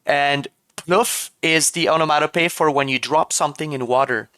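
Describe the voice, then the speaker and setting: A man's voice: fairly high pitch, normal speed, bright, forceful tone, clear, resonant tone, dry recording. A young man with a Quebec French accent, a native French speaker, chatting casually while streaming a game. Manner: chatty, laughs often, shifts into playful French voices.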